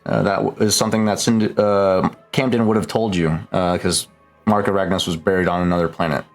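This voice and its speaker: A man with a fairly low voice, running a tabletop game as game master. He explains things haltingly, stumbling and restarting as he goes, with faint music behind him. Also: fairly even intonation.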